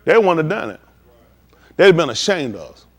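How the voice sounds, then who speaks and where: A man preaching a live-streamed sermon in loose, slangy street talk, animated and emphatic. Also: on the high side, moderate pace, slightly rough.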